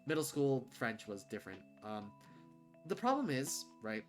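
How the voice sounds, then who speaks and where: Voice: mid-range voice, very animated, normal speed, soft background music. A livestreamer chatting casually and bluntly, rambling with many fillers and restarts. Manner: rambling, full of "like" and "um", frequent restarts; candid, blunt, swears casually.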